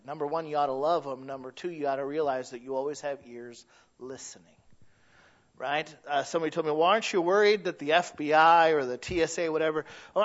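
Pastor, male, middle-aged: earnest conversational sermon, slightly high voice, dull lo-fi recording. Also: fairly bright tone. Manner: earnest, conversational preaching with restarts and asides.

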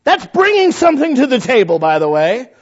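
A man with a fairly high voice preaches to his congregation in a relaxed, folksy manner, firing off rhetorical questions. The recording is dull and lo-fi. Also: fairly quick. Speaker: pastor. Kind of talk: sermon.

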